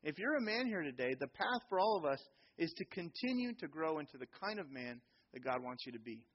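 A middle-aged man preaching a sermon in a church, animated, sometimes acting out children's voices. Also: a little high, a little fast, dull audio, slight background noise. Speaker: pastor.

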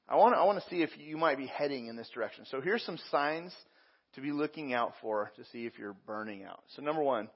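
A man's voice: mid-range voice, lo-fi sound. A man preaching a sermon as a pastor, talking conversationally with frequent repeats and fillers.

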